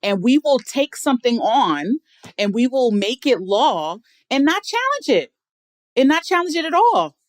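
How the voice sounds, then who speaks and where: Animated woman, dry close mic. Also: high voice, a little slow, no room sound. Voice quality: animated, emphatic storyteller. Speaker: podcast guest. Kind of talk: casual podcast chat.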